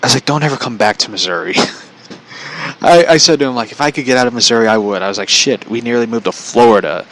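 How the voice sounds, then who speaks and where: A man's voice: medium pitch, fast, fairly bright tone, a little hiss or hum, rough recording. A man casually telling a personal story, chatty, relaying a conversation line by line and laughing often.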